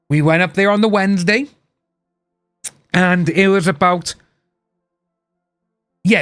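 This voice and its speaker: A man with a somewhat high voice hosts a relaxed live stream, rambling through a personal story full of asides. His voice sounds close and dry, with faint music playing underneath. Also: clean tone, no echo. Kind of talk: casual live-stream chat.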